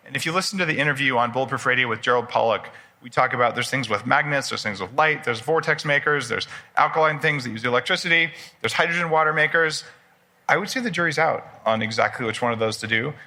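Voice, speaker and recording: A man's voice: medium pitch, bright, forceful tone. A man in his forties speaking before a live audience at a personal development expo, casual and enthusiastic, joking with the crowd. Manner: enthusiastic, conversational, jokes with the audience. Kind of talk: live conference talk.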